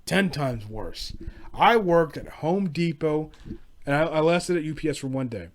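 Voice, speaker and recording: A man's voice: fairly high pitch, expressive, measured pace. A man telling casual stories about past jobs, rambling and profane, with frequent restarts. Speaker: podcast host. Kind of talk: casual solo storytelling rant.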